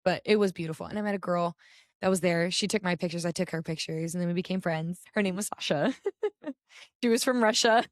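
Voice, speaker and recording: A woman's voice: on the low side, fairly quick, no echo, studio quality. A young American woman co-hosting a podcast, chatting casually with lots of filler words. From United States. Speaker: podcast co-host. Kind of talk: casual chat.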